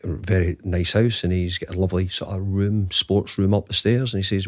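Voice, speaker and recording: This fiftyish football manager, on as a guest, spins a lengthy story full of false starts, performing the lines of dialogue with lively energy. He speaks in a lowish voice at a moderate pace, captured in a clean studio with no room sound.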